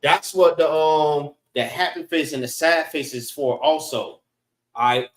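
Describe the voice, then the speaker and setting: A man's voice: on the high side, echoey room, far from the mic. A man teaching a language class, patiently breaking words into syllables for his students. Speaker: class instructor.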